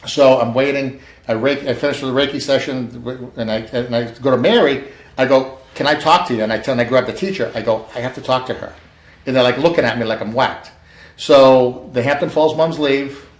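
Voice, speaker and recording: Man, casual personal storytelling, acts out dialogue, medium pitch, echoey room. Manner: animated, acts out quoted dialogue.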